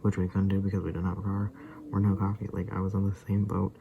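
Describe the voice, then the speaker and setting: Vlogger, male, low and gravelly, mellow tone, rambling casual talk that slips into whispers. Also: monotone, fast, slight background noise, poor audio. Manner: often drops to a soft unvoiced whisper; loose and rambling, full of fillers and asides.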